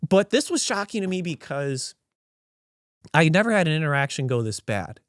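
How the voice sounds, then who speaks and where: A podcast host tells a story casually. He is a man with a slightly high voice that swings widely in pitch as he rambles and corrects himself mid-thought. The sound is dry and close-miked, with no room echo. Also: normal speed. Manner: animated, rambling, self-correcting.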